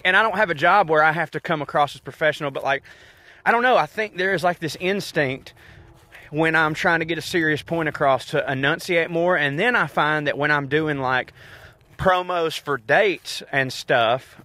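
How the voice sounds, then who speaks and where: Rambling Southern man with a bright voice. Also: a little high, normal speed, dry recording. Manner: rambling, profane, self-mocking. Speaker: comedian, podcast host. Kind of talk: casual solo rant.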